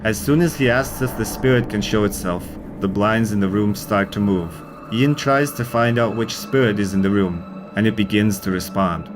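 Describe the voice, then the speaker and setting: A man reading a scripted narration of a haunting in an even storytelling manner. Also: on the low side, normal speed, hardly any pauses. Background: music.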